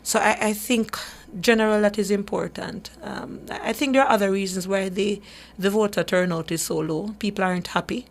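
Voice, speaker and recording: A woman's voice: mid-range voice, normal speed. Earnest woman on talk radio. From Jamaica. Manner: earnest, emphatic, with frequent restarts. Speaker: human rights advocate and radio host. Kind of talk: radio talk show discussion.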